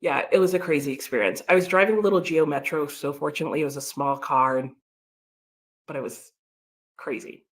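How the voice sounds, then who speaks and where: A woman's voice: low voice, fairly quick. A woman hosting a casual livestream, chatting and laughing as she reads out viewer comments. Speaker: livestream host.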